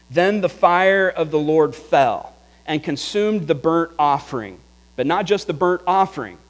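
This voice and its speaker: Male pastor mid-sermon, higher voice, lively storyteller who laughs along; big echoing hall, faint mains hum. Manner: animated, chuckling storyteller, drops to a hush for prayer.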